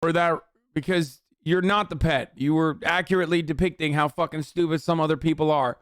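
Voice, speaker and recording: A man's voice: a little high, steady tone, fairly quick, clear, resonant tone, no echo, studio quality. A man streaming a reaction video, ranting profanely at his chat.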